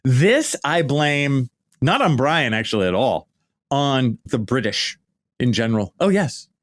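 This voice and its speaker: A man's voice: medium pitch, big pitch swings, a little slow. A middle-aged American man hosting a podcast, reminiscing in a casual, lighthearted monologue full of "right?" and "you know". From United States. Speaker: podcast host. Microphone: podcast microphone.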